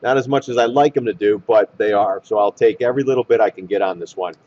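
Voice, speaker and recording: A man walking through stock charts in blunt trader slang, hoarse and losing his voice. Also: on the low side, fast talker, mellow. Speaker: stock market commentator. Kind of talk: chart analysis talk. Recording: dull lo-fi recording.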